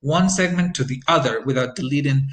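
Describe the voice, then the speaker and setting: A man giving a recorded pronunciation lecture in a medium-pitched voice. He explains step by step, often pausing to repeat example words slowly and carefully. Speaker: pronunciation teacher.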